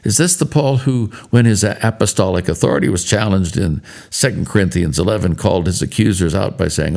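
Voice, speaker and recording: A man in later life giving a spoken devotional, telling stories in a measured, earnest way. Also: sits low, gravelly, darkish tone. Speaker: devotional speaker.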